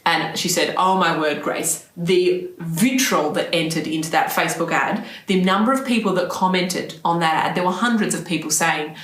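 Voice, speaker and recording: A woman's voice: fairly low pitch, moderate pace, few pauses, fairly bright tone, reverberant. A woman business coach giving encouraging advice straight to her viewers, repeating key phrases and checking in with "right?". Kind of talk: direct-to-camera advice talk.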